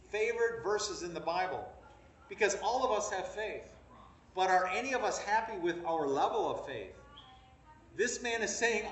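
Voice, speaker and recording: A high-pitched man delivers a sermon, reading verses and pressing his points with rising emphasis. He is recorded from a distance, and the room around him echoes. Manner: preaching with rising emphasis, reading scripture aloud. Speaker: preacher. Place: room with a congregation.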